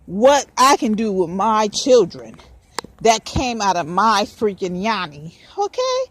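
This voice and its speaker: A woman's voice: medium pitch, sing-song, slow pace, slight background noise. A woman hosting her own show, delivering a fired-up, profane, preachy monologue straight to her listeners. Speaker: podcast host. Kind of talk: ranting spoken monologue.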